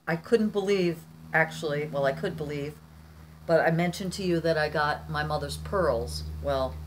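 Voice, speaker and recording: Woman, artist vlogger at home. Casual, rambling chat, slightly low pitch. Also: slight background noise. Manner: chatty and rambling, often addressing viewers as "you guys".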